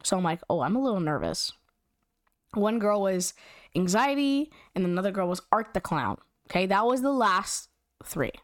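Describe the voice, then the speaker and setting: A young woman telling a story in casual, animated chat, slangy and giggly with lots of "like". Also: medium pitch, normal speed, no echo, studio quality.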